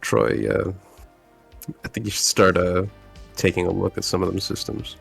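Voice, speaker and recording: Brief: streetwise young male tough, played by a player, very deep gravelly voice, slangy. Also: level tone, normal speed, a bit bright, soft background music, full character voice. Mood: plotting. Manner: rough, slangy.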